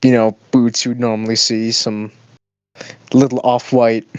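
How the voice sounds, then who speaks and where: A man playing in a tabletop game, describing his character hesitantly, with pauses and fillers. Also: medium pitch, level tone, darkish tone, clean tone, no room sound, highs cut off. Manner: hesitant, slow, halting. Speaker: player.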